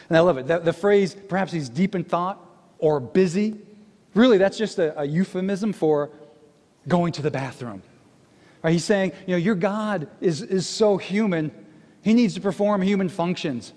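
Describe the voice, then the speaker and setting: Animated preacher in a reverberant hall. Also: male voice, on the high side, normal speed. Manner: animated, jokey storytelling with acted quotes. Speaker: pastor. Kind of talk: sermon. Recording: long reverb of a large hall.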